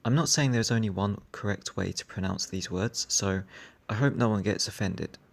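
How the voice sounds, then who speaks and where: A man's voice: fairly low pitch, normal speed, gravelly. A man with a British accent talking to camera in a casual vlog, dry and wry in tone, recorded indoors in his room. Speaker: vlogger.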